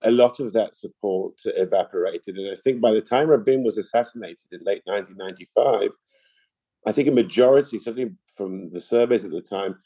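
A middle-aged political analyst, interviewed as a guest, gives long answers in a very dark, mellow voice that sits on the low side with a breathy edge. He is measured and explanatory, often restarting phrases. The recording is dry and close, with no room sound or surrounding space.

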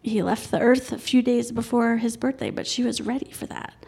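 Woman storyteller on stage, bit high voice, lively, quoting folks with little voices. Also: brisk, gravelly. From Colorado, USA. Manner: lively, quotes people in brief voices, laughs often.

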